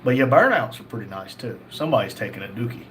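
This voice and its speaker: A man's voice: mid-range voice, fast talker, slight background noise. Chatty male livestream host reading comments. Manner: jokey, laughs often, reads messages in a flat quoting tone. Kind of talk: casual chat, reading viewer comments aloud.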